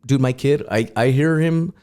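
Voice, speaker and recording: A man from El Paso, a radio DJ guest, talking in a casual podcast studio chat as a fast, profane, animated storyteller. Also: medium pitch. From El Paso, Texas.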